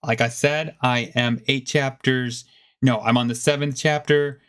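A man co-hosting a casual gaming podcast, talking in an animated, rambling way that keeps starting over. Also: measured pace, clean tone. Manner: animated, rambling, self-interrupting, pitch jumps up when excited. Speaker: podcast co-host. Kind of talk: casual chat.

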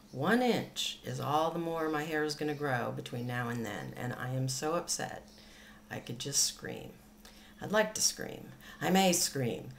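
Low-voiced older woman ranting indignantly. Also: slight background noise. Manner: exasperated, swearing, ranting about a bad haircut. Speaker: vlogger. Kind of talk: casual venting to camera.

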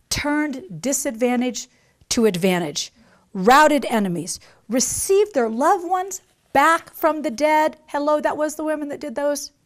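Brief: woman preacher, bright high voice, emphatic, hammers phrases home. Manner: emphatic, repeats key phrases, acts out quoted voices; slows down to stress scripture lines. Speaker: mother. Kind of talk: conference sermon.

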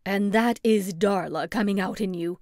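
A woman voicing an eccentric, bossy older witch aunt who speaks slowly and theatrically in an audiobook. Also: mid-range voice, a little mellow, dry recording, clean studio sound, natural voice. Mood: scolding.

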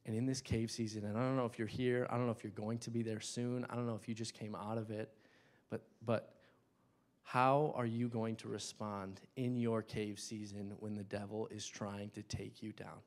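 Casual young guy preaching in church, fired up, goes loud then drops quiet. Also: fairly low pitch, flat delivery, moderate pace. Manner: impassioned, swings between loud bursts and hushed asides. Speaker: lay preacher. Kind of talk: sermon.

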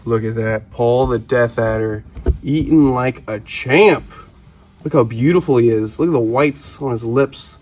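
An enthusiastic man narrates his snake-keeping chores in a relaxed vlog voice. He talks to the animals as he works and lowers his voice near them. Music runs clearly behind him. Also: unhurried. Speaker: reptile keeper and show host. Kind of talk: casual vlog narration while working.

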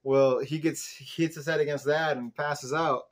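A man's voice: fairly high pitch, a little slow. A man hosting a fan show, casually recapping a TV episode in a chatty way, full of "like" and "um". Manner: chatty, peppered with "like" and "um", animated retelling. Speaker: show host reviewing an episode.

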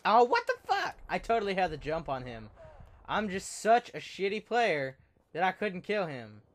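A man giving live commentary over his video game, excitable and joking, swearing and yelping as things happen. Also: high voice, moderate pace. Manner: joking, self-mocking asides. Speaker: gameplay commentator.

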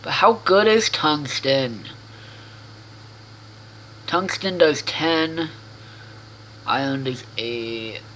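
Man, let's-play host, slow rambling talk, bright forceful voice, thinking out loud. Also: a little high, a little hiss or hum, rough recording. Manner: rambling self-talk with frequent restarts and swearing. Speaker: gaming video host. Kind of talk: casual let's-play commentary.

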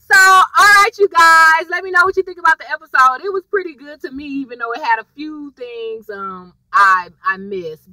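A woman giving a casual, animated recap of a TV episode and talking straight to her viewers. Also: mid-range voice, no room sound, poor audio. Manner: chatty, animated storytelling, addresses viewers directly. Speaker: TV episode reviewer.

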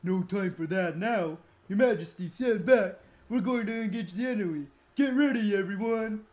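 A woman voicing a brisk female commander in a game playthrough, with firm, commanding delivery. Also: medium pitch, a little mellow, close to an everyday voice.

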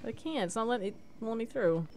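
A young woman hosting a horror game let's play, giggly, jumpy and expressive in casual commentary. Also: a little high, fast, slight background noise.

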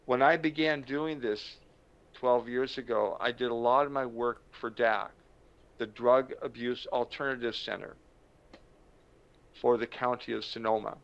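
A man who works as a motivational speaker tells a story in a slow, dramatic way with emphatic pauses. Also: medium pitch, fairly even intonation, gravelly. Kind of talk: storytelling talk to camera. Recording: dull lo-fi sound.

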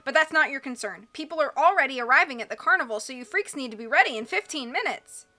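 A woman's voice: sits high, expressive, quick pace, bright, forceful tone, pitched above the performer's own voice. A woman reading a bossy hook-handed henchman. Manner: barking orders, sneering.

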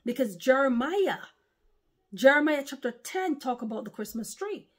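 A woman's voice: sits high, lively intonation, moderate pace. A woman, preaching an informal online sermon in an impassioned, repetitive, emphatic way. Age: 40s.

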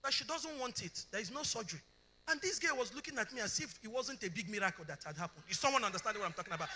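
A bright, forceful, middle-aged Nigerian woman tells a testimony to a conference crowd. Her pitch swings widely as she acts out every voice in her story, and she keeps checking that her listeners are following. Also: quick pace. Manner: animated storytelling, often asks the congregation if they understand; acts out both sides of dialogues. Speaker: conference speaker. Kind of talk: testimony sermon.

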